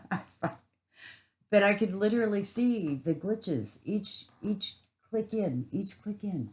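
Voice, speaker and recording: A woman's voice: mid-range voice, lively intonation, slow, darkish tone, husky, poor audio. A woman giving a rambling, casual spiritual monologue, earthy and swearing freely.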